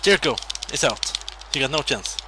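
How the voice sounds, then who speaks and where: A young man giving casual, excitable commentary over a wrestling video game as he plays, swearing and laughing at his own slips. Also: mid-range voice, moderate pace, background noise. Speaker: gameplay commentator.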